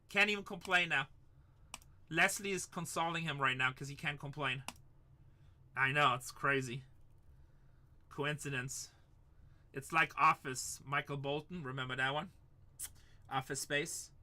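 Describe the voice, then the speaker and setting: Hyped high bright-voiced card break host. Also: male voice, fairly even intonation, a little slow, long pauses. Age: middle-aged. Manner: hyped, shouts up to the chat, repeats lines. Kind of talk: livestream card break chat.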